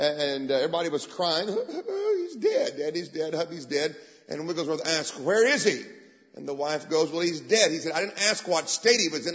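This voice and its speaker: Preacher, man, higher voice, lively storyteller, long church-hall reverb on a dull recording. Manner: animated, acts out quoted voices. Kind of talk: sermon storytelling.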